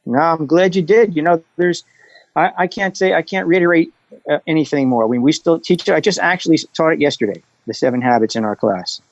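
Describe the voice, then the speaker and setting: A middle-aged man and coach, speaking as a podcast guest and telling stories in a relaxed way. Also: on the high side, fairly quick, dry recording, muffled recording. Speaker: guest, restaurant executive and coach. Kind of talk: conversational interview.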